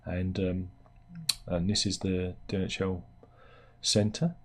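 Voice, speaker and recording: A man's voice: low-pitched, level tone, slow pace. A British man hosting a satirical news commentary, rambling along with jokey asides as he reads out headlines. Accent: British English. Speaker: host.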